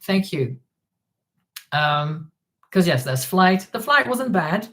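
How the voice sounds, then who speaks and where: Dutch-accented male streamer, relaxed chat, thanks donors between stories. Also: high voice, slow. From Netherlands. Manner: recounts events while reading viewer donations and comments. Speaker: livestream host. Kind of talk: casual livestream chat.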